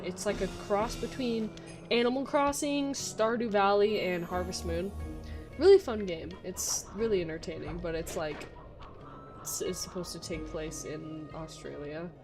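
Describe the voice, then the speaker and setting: A young woman streams a game and chats casually, rambling with plenty of fillers and restarts while music plays in the background. Her voice is medium-pitched at a normal speed.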